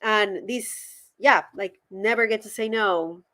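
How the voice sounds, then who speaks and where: A woman's voice: medium pitch, measured pace. Colombian woman telling stories animatedly. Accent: Colombian Spanish. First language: Spanish. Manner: animated storytelling, acting out quoted dialogue. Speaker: guest, former pastor. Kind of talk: casual podcast conversation.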